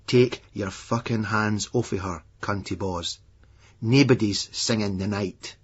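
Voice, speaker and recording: A man's voice: on the low side, brisk, husky. A man voicing a brash, drunk, aggressive man who snarls threats. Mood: snarling. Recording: dull lo-fi audiobook recording.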